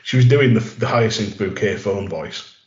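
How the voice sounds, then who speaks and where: A man's voice: fairly low pitch, moderate pace, darkish tone. A man, a podcast guest, telling long rambling stories with wisecracks in casual chat. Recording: roomy lo-fi audio.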